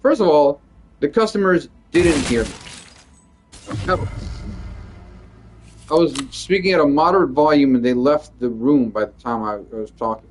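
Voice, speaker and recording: A man's voice: a little high, normal speed, pauses often, faint music behind. A male stand-up comedian venting in a casual, rambling monologue, swearing freely and leaning heavily on "like". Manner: rambling, profane, lots of "like".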